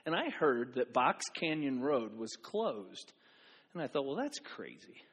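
A man preaching a sermon in a church, animated, repeating phrases for emphasis and acting out voices. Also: medium pitch, unhurried, slightly rough. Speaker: pastor. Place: church sanctuary. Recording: church hall reverb.

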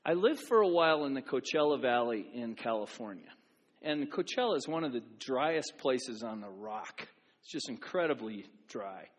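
A man preaching a sermon in a church, animated, repeating phrases for emphasis and acting out voices. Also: mid-range voice, normal speed. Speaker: pastor. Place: church sanctuary. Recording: church hall reverb.

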